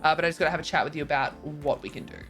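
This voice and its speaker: Speaking rapid-fire in a deep, slightly bright voice, a bubbly woman in her twenties chats casually with her stream audience, reading their messages and laughing often. Faint music plays in the background.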